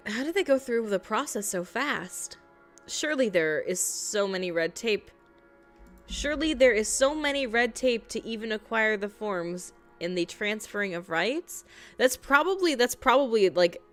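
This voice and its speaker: American woman streamer, jokey and animated, reads game narration, a little high, soft music behind. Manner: animated, laughs often, jokey. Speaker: streamer reading a visual novel. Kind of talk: reading game narration aloud and chatting.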